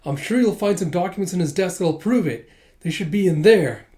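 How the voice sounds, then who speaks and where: A man's voice: high voice, a little fast, warm tone, voice pushed up, close to an everyday voice. A man voicing a scheming middle-aged male hospital director who turns frantic and pleading, reading a comic aloud.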